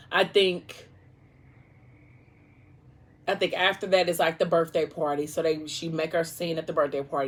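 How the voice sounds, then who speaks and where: Lowish voiced woman chatting thru a book plot while she eats, lots of likes and you knows. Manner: rambling, heavy use of "like" and "you know". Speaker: mukbang vlogger retelling a novel. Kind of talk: casual chat while eating.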